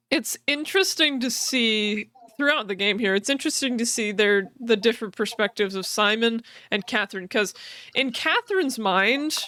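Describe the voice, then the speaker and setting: A woman's voice: on the high side, a bit bright. A woman co-hosting a podcast, explaining a game's story casually with many fillers, restarts and laughs. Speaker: podcast co-host.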